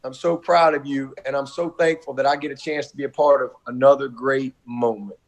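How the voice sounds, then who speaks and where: A middle-aged man with a drawl talks over a video call, effusive and folksy. He circles back to the same phrases again and again, heartfelt and emphatic, in a mid-pitched voice. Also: steady tone, a little fast. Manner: warm, effusive, repetitive, folksy. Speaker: college football coach.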